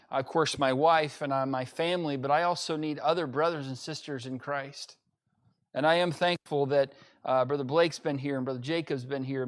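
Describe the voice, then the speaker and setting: A pastor preaching an emphatic sermon to a livestream audience, repeating key phrases with frequent fillers. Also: male voice, a little high. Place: church during livestream-only service.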